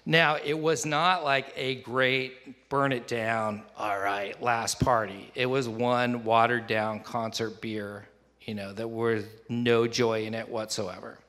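A man's voice: medium pitch, steady tone, takes it slowly, pushed and bright. A man telling a personal recovery story in a rambling, self-deprecating way, full of asides and fillers. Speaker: speaker sharing a recovery story. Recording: long hall reverb.

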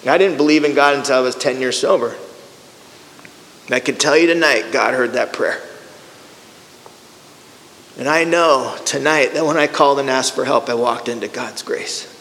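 A man's voice: mid-range voice, moderate pace, long pauses. Man telling his story in a reverberant hall. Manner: animated storytelling, acting out voices. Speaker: recovery speaker. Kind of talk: personal testimony talk.

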